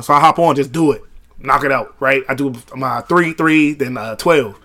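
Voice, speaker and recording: Man, podcast co-host, quick delivery, bright forceful tone, fairly high voice, animated storytelling. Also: vocal fry. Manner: animated storyteller, acts out gym banter. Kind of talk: casual podcast chat.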